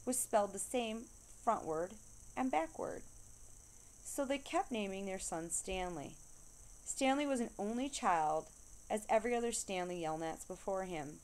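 Lady reading a kids' book out loud, steady, middle-pitched voice, slows on the punchlines. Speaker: reader. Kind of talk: reading a children's novel aloud.

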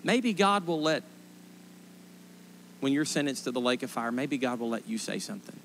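A man's voice: mid-range voice, normal speed, vocal fry, slight background noise. Man preaching an emphatic sermon. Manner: emphatic storytelling, rising to loud impassioned pleas. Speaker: pastor. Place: church sanctuary.

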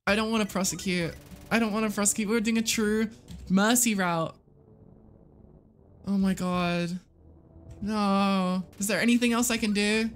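A young woman live-streaming a game, reacting excitably, laughing often and greeting her chat. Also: mid-range voice, unhurried, pauses often, soft background music, low-quality recording.

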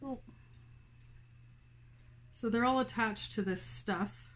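A woman's voice: a little high, takes it slowly, fairly bright tone. A woman hosting a home plant vlog, chatting casually to viewers with lots of fillers and little laughs. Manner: chatty, filler-heavy, giggly, talks to viewers. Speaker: plant channel host. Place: home, indoors.

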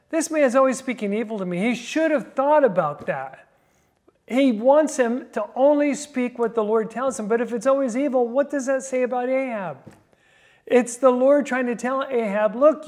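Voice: mid-range voice, darkish tone. A Bible teacher reading scripture aloud and then explaining it, with many hesitant fillers between phrases.

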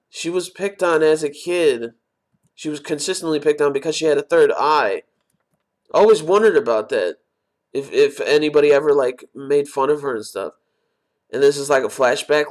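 Excitable man reacting live to a manga chapter. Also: fairly high pitch, moderate pace. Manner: excitable, exclaims often; reads character lines aloud in quotes. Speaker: manga reviewer.

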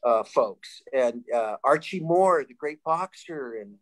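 A man in his sixties from Sacramento, California, telling lively stories as a panel guest, laughing and restarting often. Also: medium pitch, slow pace, rough recording. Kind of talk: casual storytelling.

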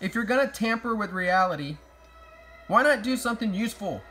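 A man's voice: sits high, animated, fairly quick, bright, forceful tone, soft background music. A man delivering sarcastic, mock-outraged comedic commentary as a vlogger. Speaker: YouTube vlogger.

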